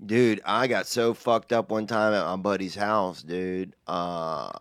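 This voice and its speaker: Laid-back low-voiced male co-host. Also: steady tone, slow pace, dry recording, clean studio sound. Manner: laid-back, profane, says "bro" and "dude" a lot. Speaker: podcast co-host. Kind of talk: casual storytelling chat.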